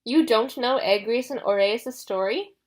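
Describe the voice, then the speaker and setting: A woman reading an audiobook, voicing a smooth, mocking young male villain who taunts the heroes. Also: fairly high pitch, a little slow, lightly acted.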